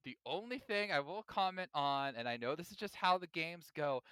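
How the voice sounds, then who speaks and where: A man co-hosting a casual gaming podcast, talking in an animated, jokey way with lots of self-corrections. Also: a little high, moderate pace, clean tone, no echo. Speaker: podcast co-host.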